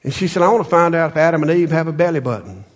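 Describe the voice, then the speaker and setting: A man preaching a folksy sermon, telling stories with many restarts and building to loud, emphatic peaks. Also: a little high, animated, racing. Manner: folksy storytelling, repeats words, rises to loud emphatic peaks.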